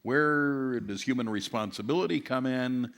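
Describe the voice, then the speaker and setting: Male interviewer with a mid-pitched voice, relaxed and hesitant in his questions. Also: moderate pace.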